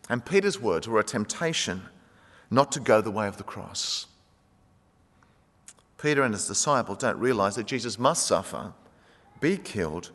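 A man preaching a sermon, animated, acting out the quoted speech of the people in his story. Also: fairly low pitch. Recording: long hall reverb.

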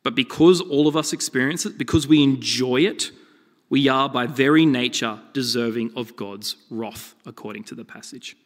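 A man preaching a sermon, telling stories with lively, shifting emphasis. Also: medium pitch, moderate pace. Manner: animated storytelling with shifting emphasis. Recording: long reverb of a hall.

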